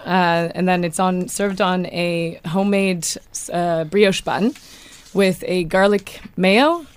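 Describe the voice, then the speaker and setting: A woman's voice: mid-range voice, smooth. A woman, a restaurant guest on a radio show, politely describing her food. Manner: polite, friendly, explanatory. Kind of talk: radio interview.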